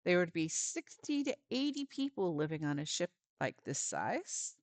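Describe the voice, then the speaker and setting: A woman's voice: on the low side, big pitch swings, normal speed, no room sound. A woman volunteer giving a friendly step-by-step craft lesson for parents and children, with some fillers.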